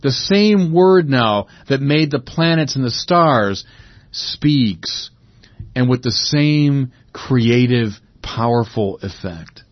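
A man's voice: mid-range voice, expressive, takes it slowly, no echo, highs cut off. A man giving a sermon, reflective and rising to emphatic peaks. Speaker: preacher.

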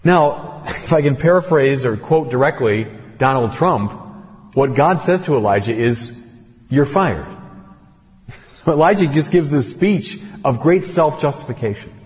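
A man preaching a sermon, telling the story with dramatic pauses and slow, heavy emphasis. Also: medium pitch, expressive. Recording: muffled with long hall reverb.

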